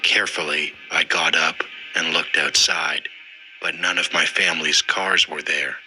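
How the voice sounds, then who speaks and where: A man narrating a scary first-person story in a steady, scripted way. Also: rumbling low, unhurried, faint music behind, low-quality recording.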